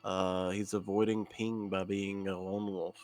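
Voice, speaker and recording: A man co-commentating a live game, making relaxed, dry remarks. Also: low-pitched, unhurried, faint music behind. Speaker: esports co-commentator.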